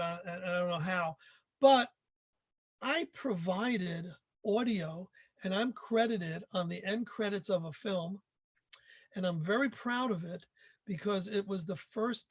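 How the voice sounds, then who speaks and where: A man's voice: high voice, a little slow, dry recording. A man in his sixties, a podcast guest telling eager, self-deprecating stories in casual chat.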